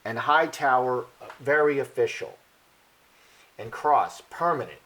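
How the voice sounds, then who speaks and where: A man of middle pitch talks through a card reading in a loose, conversational way. He circles back on his points, repeats phrases and thinks aloud as he goes. The delivery is chatty and unscripted rather than polished. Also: animated, measured pace, fairly bright tone. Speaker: card reader. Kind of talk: casual card-reading commentary.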